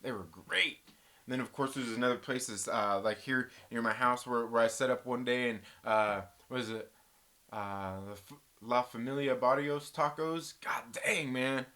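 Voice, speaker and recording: A laid-back man chatting on a live stream, loose and rambling, laughing easily between comments. His voice is bright and forward, sitting at an ordinary pitch for a man. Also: fairly even intonation, normal speed. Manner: laid-back, rambling, reads chat aloud and laughs often. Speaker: channel host. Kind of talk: casual live-stream chat.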